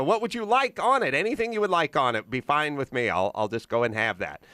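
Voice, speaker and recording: A man's voice: a little high, big pitch swings, fast talker, hardly any pauses, bright, forceful tone, dry recording, clean studio sound. A middle-aged man with a Southern Californian accent, hosting a podcast and telling comic stories in casual chat, acting out both sides of each conversation. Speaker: podcast host. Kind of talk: casual comedic storytelling. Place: podcast studio.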